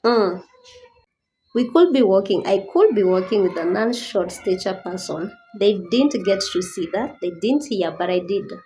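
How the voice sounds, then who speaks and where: A woman's voice: mid-range voice, expressive, measured pace, mellow, slight background noise, low-quality recording. A woman giving a personal awareness talk as a disability advocate, earnest and pleading, rising to indignant questions.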